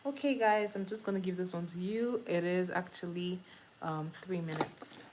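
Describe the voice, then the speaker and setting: A woman's voice: fairly low pitch, noisy background. A woman hosting a casual livestream trivia game while doing her makeup, repeating each question and greeting viewers. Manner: slow, repeats questions, laughs easily. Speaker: livestream host.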